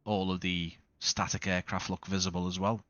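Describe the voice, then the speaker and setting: A man's voice: low-pitched, flat delivery, normal speed, a bit bright, no room sound, highs cut off. A man streaming a flight simulator and chatting casually as he tours airports, rambling and correcting himself as he goes. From not Australian. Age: adult father. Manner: rambling, self-correcting, with frequent restarts and fillers. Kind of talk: casual live-stream commentary.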